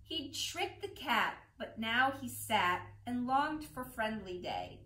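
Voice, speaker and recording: A woman librarian reading picture books aloud at storytime, expressive and rhythmic. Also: a little high, slow pace. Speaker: children's librarian. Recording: echoey room.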